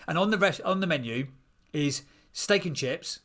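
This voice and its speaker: A man in his thirties, a podcast guest, telling an animated story and acting out the voices of people in it. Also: fairly high pitch, moderate pace.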